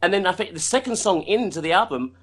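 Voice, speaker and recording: A male singer being interviewed, talking in a casual, animated way with frequent restarts. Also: high voice, quick pace, slightly rough. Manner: animated, many restarts and laughs.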